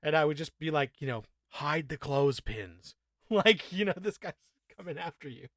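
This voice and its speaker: A man's voice: on the high side, lively intonation, brisk, fairly bright tone, dry recording, studio quality. A man co-hosting a podcast, talking in a casual, sarcastic way with lots of swearing and laughter. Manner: profane, sarcastic, laughs often. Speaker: podcast co-host. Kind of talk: casual chat.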